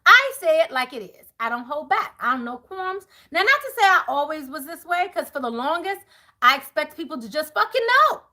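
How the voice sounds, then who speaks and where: A woman's voice: sits high, expressive, brisk, bright, forceful tone. A woman speaking as a tarot reader to her viewers, blunt and profane, laughing often. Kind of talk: animated monologue to viewers.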